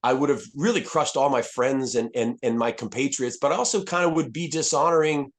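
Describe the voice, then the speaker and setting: A man's voice: medium pitch, brisk. Blunt man in his fifties. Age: 50s. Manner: blunt, profane, frequent restarts and fillers. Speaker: podcast guest, retired soldier. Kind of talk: candid conversational storytelling.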